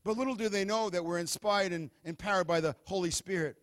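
Male preacher, very high voice, lively storytelling sermon. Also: quick pace. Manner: animated, playful storytelling.

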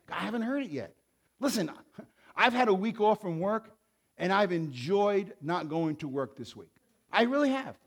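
A man in his sixties, a pastor, preaching with emphatic swells and soft conversational asides. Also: high voice. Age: 60s. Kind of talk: sermon.

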